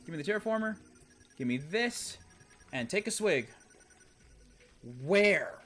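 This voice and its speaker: A young man commentating a video game stream, exasperated and talking to himself, swinging from low muttering to loud outbursts. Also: lively intonation, measured pace. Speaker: gaming streamer. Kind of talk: let's play commentary.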